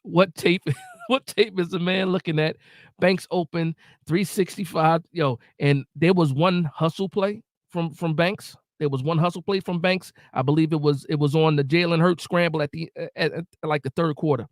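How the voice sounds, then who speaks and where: A man's voice: on the high side, fairly even intonation, moderate pace, no room sound, clean studio sound. A man hosting a live post-game reaction stream, ranting emotionally and repeating himself while following the chat. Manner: reads and answers live chat.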